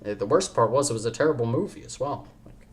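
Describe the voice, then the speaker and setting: A man's voice: mid-range voice, animated, fast. A young man hosting a podcast in casual chat, rambling and joking, often cutting himself off mid-sentence. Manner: rambling, jokey, self-interrupting. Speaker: podcast host.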